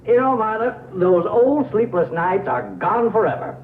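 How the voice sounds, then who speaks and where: An excitable older neighbor who blusters and chuckles through every line. His voice sits high and leaps all over the place. It comes through a thin, hissy old television soundtrack. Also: normal speed, narrow, tinny audio. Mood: blustery. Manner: blustery, lively, chuckling often. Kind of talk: 1950s sitcom acting.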